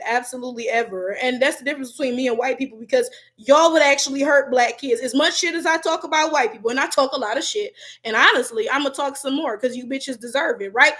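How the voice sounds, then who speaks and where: Young detroit woman w/ aave accent, high voice, blunt and cussing, reading comments on her stream. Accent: African American Vernacular English, Detroit. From Detroit, USA. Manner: blunt, profane, animated. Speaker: YouTube host reading comments. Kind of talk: casual livestream commentary.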